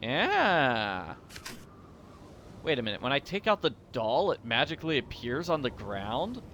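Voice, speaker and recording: Goofy, bright-voiced man playing a game. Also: medium pitch, big pitch swings, a little fast, a little hiss or hum. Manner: goofy, rambling and self-deprecating. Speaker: let's-play host. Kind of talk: casual gameplay commentary.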